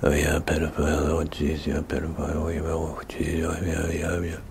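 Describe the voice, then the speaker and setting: A man's voice: rumbling low, monotone, normal speed, creaky, darkish tone, a little hiss or hum, voice pushed down, full character voice. A man putting on the voice of a dim-witted male zombie follower who mutters vacant agreement. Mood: dull mumbling.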